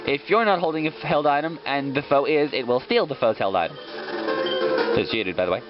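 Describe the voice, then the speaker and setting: A man's voice: mid-range voice, normal speed. A young man from Australia giving casual, rambling let's play commentary that turns into a fired-up rant, swearing as he goes. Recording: slightly muffled, game music behind. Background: video game music.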